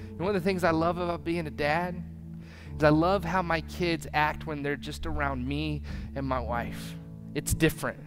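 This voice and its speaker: High-voiced guy preaching, loud then quiet, acts out how people react, soft music behind. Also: fairly even intonation, normal speed. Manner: dramatic swings from loud to hushed. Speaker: pastor. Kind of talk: sermon.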